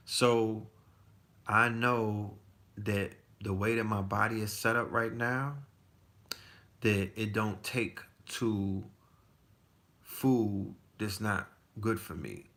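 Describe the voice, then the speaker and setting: A man's voice: fairly low pitch, steady tone, slow, fairly bright tone. A man in his forties telling stories in a loose, profane casual chat, full of restarts. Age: 40s. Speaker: podcast guest. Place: Texas.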